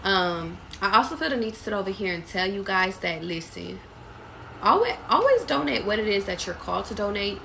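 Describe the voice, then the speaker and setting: A woman's voice: medium pitch, very animated, brisk, creaky, fairly bright tone, a little hiss or hum. A woman reading tarot live for her viewers, blunt and profane, calling them baby. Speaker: tarot reader. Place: away from home.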